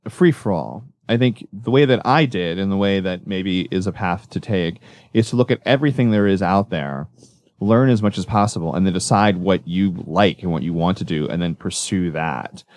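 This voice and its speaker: A male magician talking casually in an interview, rambling and correcting himself as he tells animated stories. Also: low-pitched, normal speed. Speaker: magician guest.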